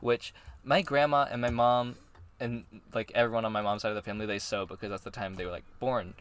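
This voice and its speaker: A man's voice: fairly low pitch, steady tone, fast, fairly bright tone, clear, resonant tone. A man co-hosting a podcast in casual chat, rambling with lots of fillers and frequent laughs. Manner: chatty, rambling with many "like" fillers, laughs often. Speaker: podcast co-host.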